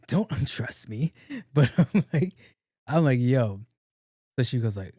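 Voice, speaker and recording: A middle-aged man, hosting a podcast and telling casual stories, profane and animated, laughing often. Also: medium pitch, moderate pace, dry recording, studio quality. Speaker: podcast host. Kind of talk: casual storytelling monologue.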